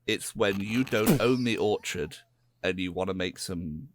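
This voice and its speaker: A man with a West Country English accent, co-hosting a podcast in casual chat, rambling and drifting into quiet asides. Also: low-pitched, moderate pace. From England. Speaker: podcast co-host.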